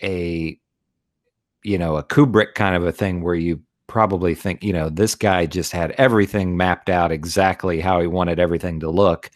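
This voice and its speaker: A man's voice: deep voice, steady tone, moderate pace, no room sound, studio quality. A man co-hosting a film review podcast, speaking thoughtfully in casual chat and hedging his points. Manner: thoughtful, hedging, many fillers. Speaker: podcast co-host.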